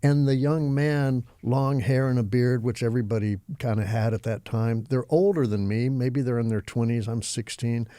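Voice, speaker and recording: A man's voice: mid-range voice, fairly even intonation, normal speed, hardly any pauses, mellow, no room sound. An older man from Texas, a yoga teacher and interview guest, telling his stories vividly and with animation. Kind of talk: storytelling interview.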